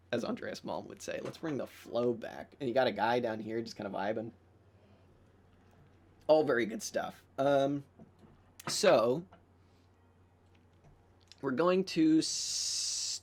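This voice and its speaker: Casual, profane young man streaming. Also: medium pitch. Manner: loose, profane, enthusiastic, full of fillers. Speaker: podcast host. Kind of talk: casual livestream commentary reading aloud. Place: room near church bells.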